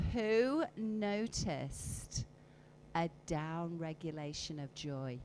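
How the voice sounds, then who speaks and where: A woman's voice: mid-range voice, lively intonation, measured pace, low-quality recording. A woman giving a live workshop talk, coaxing her audience through exercises and acting out emotions with her voice. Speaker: conference speaker. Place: conference hall.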